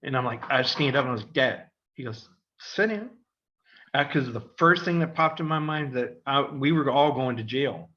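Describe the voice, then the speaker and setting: A man's voice: medium pitch, fairly quick, hardly any pauses, dull audio. A middle-aged man, a podcast co-host, telling a story in casual chat and acting out the voices of the people in it. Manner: animated, acts out quoted voices, laughs often.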